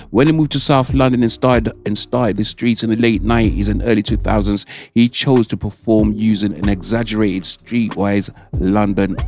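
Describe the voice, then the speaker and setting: A man's voice: lowish voice, darkish tone. A man hosting a radio show, chatting casually and rambling, often repeating and correcting himself. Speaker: radio host.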